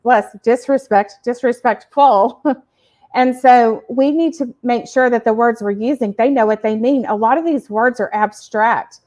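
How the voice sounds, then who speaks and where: Woman, co-host, casual parenting talk, laughs between points, fairly high voice. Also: a little slow, darkish tone. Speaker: podcast co-host.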